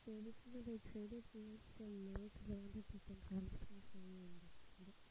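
A woman giving casual gameplay commentary, excitable and gushing, often repeating her exclamations. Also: medium pitch, fairly quick, background noise. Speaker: gaming video creator.

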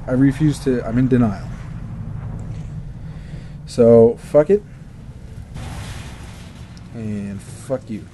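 Exasperated while playing, a young let's play commentator rants and swears through frustrated gameplay commentary. His mid-range voice has a dark tone, with a little hiss or hum in the recording.

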